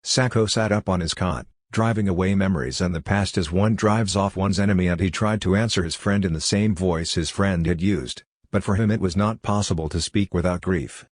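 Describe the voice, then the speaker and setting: A male narrator reading a novel aloud, with a very deep voice. The recording is dry and close, with no room sound. His reading is measured and steady. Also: dry recording. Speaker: audiobook narrator. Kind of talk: scripted narration.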